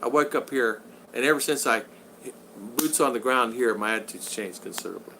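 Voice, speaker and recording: An older man from Utah hosts a casual livestream from his home, chatting and rambling through viewer questions in an upbeat mood. His voice is bright and forceful. A faint hiss of background noise runs under the talk. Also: mid-range voice, brisk. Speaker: livestream host. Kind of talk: casual livestream chat reading viewer comments. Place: home in the Philippines.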